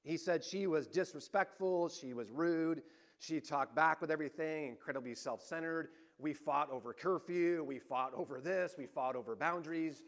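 A man with a notably high voice preaches as a pastor. He tells his stories with energy, climbing in intensity on key moments and dropping almost to a murmur on others. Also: normal speed. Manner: lively storytelling, swings between rising emphasis and hushed points. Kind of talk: sermon.

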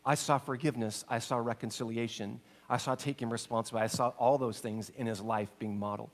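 A middle-aged man preaching a sermon, telling a personal story earnestly, his voice dropping soft and low in emotional passages. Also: fairly even intonation, fast talker. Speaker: pastor.

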